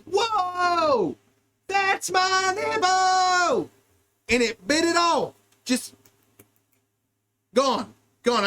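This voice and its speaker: A man's voice: high-pitched, fairly bright tone. A man hosting a podcast, telling rambling, crude comic stories and jumping between wild tangents. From United States. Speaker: podcast host. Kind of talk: rambling comedic storytelling.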